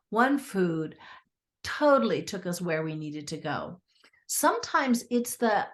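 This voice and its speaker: A middle-aged woman, a therapist and author, telling client stories in a lively conversational way and acting out what clients said. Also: mid-range voice. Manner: animated, acts out clients' quotes. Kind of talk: conversational storytelling.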